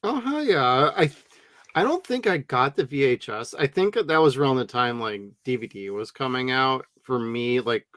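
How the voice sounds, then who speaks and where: A relaxed man in his forties chats about films as a podcast co-host. His voice sits at a middle pitch, and the recording is dry, with no room sound. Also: moderate pace, no echo. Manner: relaxed, chatty, agrees often. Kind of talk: casual movie review chat.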